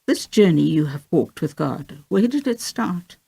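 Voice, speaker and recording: A gentle, probing male interviewer, voiced by a woman reading an audiobook. The delivery is soft and questioning in a dark, husky tone. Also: lowish voice, animated, unhurried, heavily acted.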